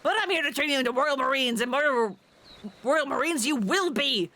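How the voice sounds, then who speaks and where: A woman reading out a gruff, scornful woman drill sergeant from a video game, barking orders. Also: high-pitched, lively intonation, moderate pace, pushed and bright.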